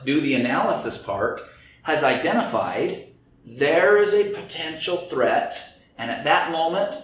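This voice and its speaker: In a very echoey room with faint noise in the background, a man lectures a group on anxiety and stress. He acts out inner voices in quoted dialogue, using a mid-range voice with a fairly bright tone.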